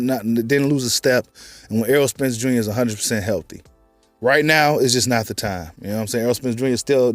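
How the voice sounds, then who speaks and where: A man's voice: medium pitch, no room sound. Slangy rambling Texan man. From Texas. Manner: loose, rambling, slangy, repeats "you know what I'm saying". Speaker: boxing commentator. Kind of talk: casual vlog commentary.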